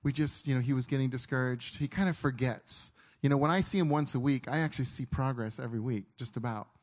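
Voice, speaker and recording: Middle-aged guy preaching, earnest, lots of stops and restarts, regular pitch. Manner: earnest, halting, with frequent restarts. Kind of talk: sermon storytelling.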